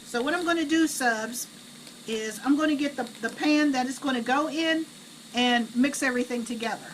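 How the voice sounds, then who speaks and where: A middle-aged woman telling blunt, animated family stories while she cooks at home. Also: high voice, moderate pace. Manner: blunt, chatty, animated retelling. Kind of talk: casual storytelling while cooking. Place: home kitchen. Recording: distant camera mic, noisy kitchen.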